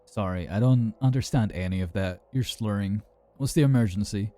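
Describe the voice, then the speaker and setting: A man as a calm emergency operator. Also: fairly low pitch, normal speed, close to an everyday voice. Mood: firm. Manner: calm, steady, instructive.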